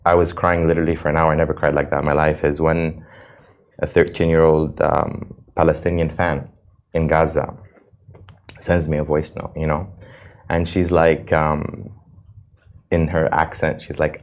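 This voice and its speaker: A man's voice: rumbling low, little pitch movement, normal speed, long pauses. A man from the United States, an interview guest, speaking earnestly and passionately, often restarting his sentences. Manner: earnest and impassioned, with frequent restarts. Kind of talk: emotional interview talk.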